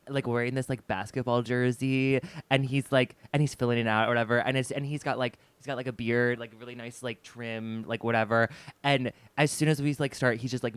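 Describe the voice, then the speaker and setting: Brief: young male podcast co-host, animated storyteller, quick clear delivery. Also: medium pitch, no echo. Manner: animated storytelling, acting out both sides with quick voice shifts. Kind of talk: casual chat, telling a story.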